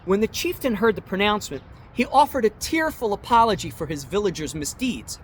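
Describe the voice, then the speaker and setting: A man's voice: high voice, lively intonation, a little fast, slight background noise. A man narrating a history chapter in an earnest, emphatic way, citing his sources as he goes.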